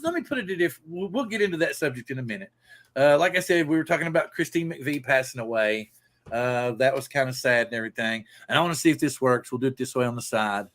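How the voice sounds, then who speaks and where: A man from the Pacific Northwest hosts a casual livestream, rambling loosely and greeting viewers by name. His voice is fairly high with a sharp tone.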